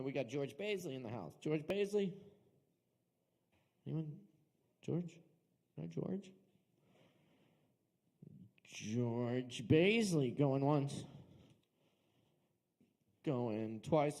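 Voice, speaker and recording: A man's voice: fairly high pitch, normal speed, pauses often, mellow. A man hosting a live open mic night in a bar, calling up performers and hyping the crowd. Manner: laid-back, hyping the crowd. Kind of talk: live emcee announcing performers.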